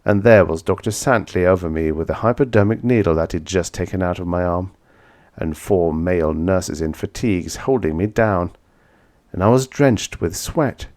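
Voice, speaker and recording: Low-voiced man reading a dramatic story. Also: normal speed. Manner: dramatic, swings from hushed to shouting. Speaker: audiobook reader. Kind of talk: first-person vintage sci-fi narration.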